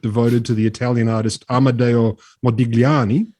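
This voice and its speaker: This podcast co-host is an Australian man on a relaxed science show, spinning a meandering story packed with fillers, hesitations and false starts. He speaks at a medium pitch with a darkish tone, quick but flat in delivery.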